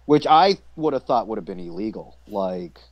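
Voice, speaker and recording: A man hosting a casual political podcast, talking in an animated, profane way and laughing often. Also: on the low side, moderate pace, dull audio. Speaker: podcast host.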